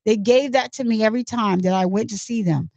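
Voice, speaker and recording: A woman's voice: on the high side, brisk, gravelly, a little mellow, no room sound. A woman reading as a hesitant male witness. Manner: plain, hesitant recounting. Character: male witness testifying in court. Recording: dull lo-fi, dry.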